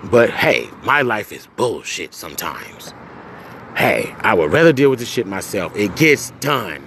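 A man's voice: lowish voice, background noise. Profane man venting on a podcast. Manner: profane, venting, swings between muttering and shouting. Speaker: podcast host. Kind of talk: angry solo podcast rant.

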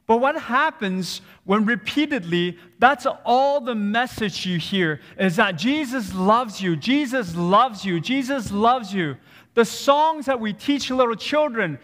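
A man in his thirties preaches in a church sanctuary, his fairly high voice carrying through a long hall reverb. He talks slowly and plainly, repeats his key phrases and drops to quiet low asides before rising again to raised emphatic lines. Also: animated. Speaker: pastor. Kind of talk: sermon.

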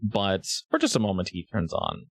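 A man's voice: lowish voice, wildly swooping pitch, dry recording. A man running a tabletop role-playing game, narrating the scene and explaining rules in a chatty way. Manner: chatty, explains rules quickly, laughs often. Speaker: game master.

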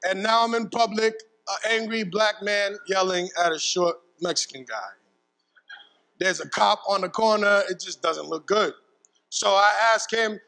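A man preaching from the pulpit, telling a personal story in a lively, casual way with bits of slang. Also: high voice, a little slow, gravelly, big-room sound, rough recording. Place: church pulpit.

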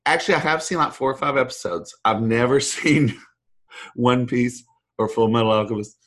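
A middle-aged man, a voice actor guest telling a long story in a rambling, animated way and acting out the people he quotes. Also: mid-range voice, moderate pace. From Texas. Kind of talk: storytelling anecdote.

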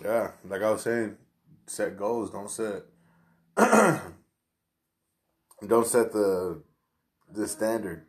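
A man's voice: lowish voice, animated, drawn-out words, pauses often. A man in casual chat, laid-back and loose, swearing freely and filling his talk with "you know" and "like".

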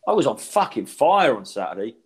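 Lively man telling comedy stories. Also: mid-range voice, a little fast, breathy edge. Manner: animated storyteller acting out voices, swearing freely. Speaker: podcast co-host, stand-up comedian. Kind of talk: casual chat, storytelling.

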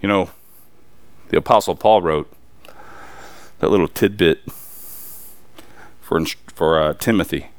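A man's voice: low-pitched, measured pace, pauses often, dry recording. A man preaching a sermon, emphatic and pressing the congregation with rhetorical questions.

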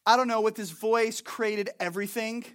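A young man with a notably high voice delivers a sermon, talking to the congregation as if chatting with friends. He is animated and casual, slipping into acted-out asides and then dropping back to plain talk. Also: moderate pace. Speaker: pastor.

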